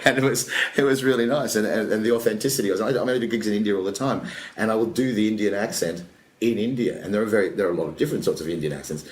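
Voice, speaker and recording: On a casual storytelling podcast, a male comic guest speaks deep and quick, rambling along and acting out quoted voices in his animated anecdotes. The room is echoey, with faint ambience in the background.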